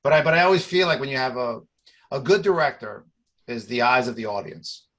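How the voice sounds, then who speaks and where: A man's voice: mid-range voice, animated, a little fast, a bit bright. A man from Brooklyn hosting a casual interview, agreeing often and restarting his sentences. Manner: agreeable, many yeahs and restarts. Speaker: podcast host and filmmaker.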